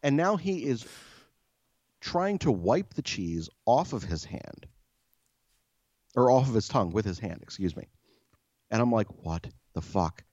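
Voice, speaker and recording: A man's voice: medium pitch, sing-song, a little slow, long pauses, a little mellow, no echo, lo-fi sound. A man co-hosting a podcast, telling a story in a profane, exasperated rant. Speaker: podcast co-host. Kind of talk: casual storytelling.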